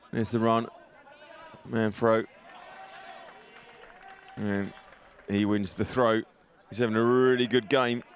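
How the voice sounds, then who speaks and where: A man giving live football commentary from an outdoor stadium on a headset mic, chatty and joking, often laughing. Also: lowish voice. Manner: jokey, chatty, laughs often, self-mocking. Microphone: headset with earpiece.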